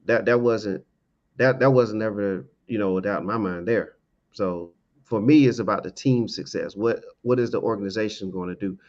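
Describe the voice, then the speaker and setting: Halting low-voiced man on sports talk. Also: darkish tone, dull audio. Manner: halting, repeats words, many uh fillers. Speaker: sports show host. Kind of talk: casual sports debate.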